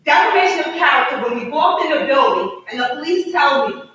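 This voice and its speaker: Emotional New woman at a council podium, high voice, forceful, echoing from afar. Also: expressive, a little fast. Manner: emotional, forceful, rising to shouts. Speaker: resident speaking at public comment. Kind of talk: impassioned public comment at a council meeting. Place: city council chamber. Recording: echoey chamber, mic from a distance.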